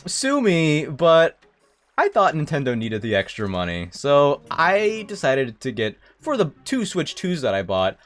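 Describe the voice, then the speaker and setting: An excitable male streamer talks his way through a video game, his pitch swinging widely as he chats. He drops into mumbled asides, then jumps into sudden high yelps at surprises. Faint game music plays softly behind him. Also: measured pace. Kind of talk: casual live-stream chat.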